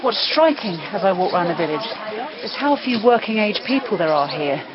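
A woman's voice: fairly low pitch, big pitch swings, brisk, crowd noise. Woman doing documentary narration outdoors, a bit out of breath, kinda dull muffled recording. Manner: descriptive, awed storytelling. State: slightly out of breath. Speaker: reporter. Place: outdoors in a mountain village.

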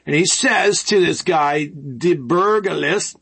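Man, high-pitched, husky, rambling folksy political talk, sarcastic asides. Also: slow, fairly bright tone. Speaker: political commentary host. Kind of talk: casual political commentary.

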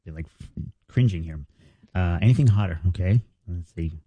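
A man's voice: low-pitched, normal speed, mellow, no room sound, muffled recording. A man hosting a morning radio show, bantering playfully and laughing as he reads chatbot replies aloud.

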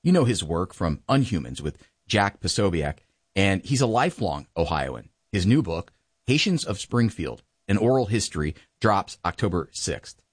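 A male interview host with a deep, low-pitched voice and an animated, swinging delivery. He talks in a crisp broadcast manner. The sound is dry and close, with no room around it. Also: moderate pace, no echo. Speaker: show host. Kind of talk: interview introduction and questions.

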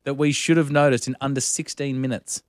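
A man's voice: mid-range voice, steady tone, fairly quick, no room sound, clean studio sound. A man co-hosting a radio show, joking with his colleagues and taking callers in a playful, incredulous way. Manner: playful, incredulous, takes calls. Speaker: radio co-host. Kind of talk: casual banter on drive-time radio. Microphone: studio microphone.

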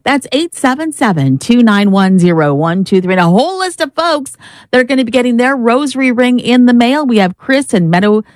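A woman's voice: a little high, expressive, a little fast, no room sound, studio quality. A woman co-hosting a radio pledge drive, urging listeners to give and repeating the phone number. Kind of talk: pledge drive fundraising appeal.

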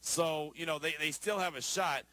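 Man, sports radio host, bright forceful tone, slightly high voice, emphatic conversational banter. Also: moderate pace, no echo. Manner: animated, emphatic, conversational with rhetorical questions.

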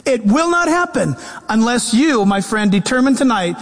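A man preaching a sermon as pastor, animated and mixing scripture with humorous quoted voices. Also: very high voice, moderate pace. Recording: long reverb of a large hall.

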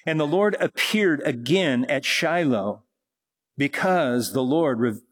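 A man teaching verse by verse through scripture, reading passages slowly and then explaining them, his voice rising when he presses a point. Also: expressive, a bit bright. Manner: rises in pitch and force when pressing a point. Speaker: Bible teacher.

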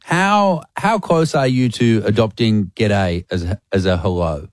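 A man's voice: lowish voice, a little slow, no room sound. A man hosting drive-time radio, asking playful, teasing questions. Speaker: radio host.

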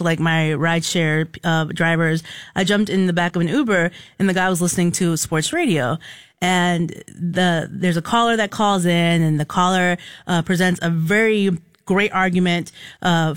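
A radio co-host telling lively, chatty stories on air, often laughing. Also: medium pitch, no echo, studio quality. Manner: animated, chatty, laughing storyteller. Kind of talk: casual storytelling on air. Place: radio studio.

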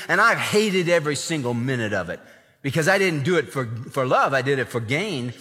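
Male pastor, lively pitch, bright voice, preaching in a large echoing hall. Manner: animated preaching, acts out quoted voices. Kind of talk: sermon. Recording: long hall reverb.

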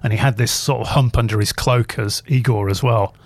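A man's voice: mid-range voice, steady tone, fairly quick, no echo. Dry-voiced man telling rambling radio anecdotes. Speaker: radio show host. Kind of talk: casual radio chat.

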